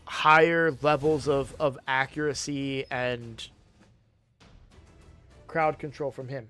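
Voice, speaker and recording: A man's voice: mid-range voice, steady tone, slow pace, long pauses, pushed and bright. A man chatting casually on a game live stream, sleepy and yawning, rambling with frequent restarts.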